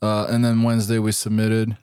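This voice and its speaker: A man's voice: on the low side, monotone, brisk, darkish tone, smooth, dry recording, clean studio sound. A man co-hosting a podcast in casual chat, blunt and combative, swearing constantly as he rants. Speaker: podcast co-host.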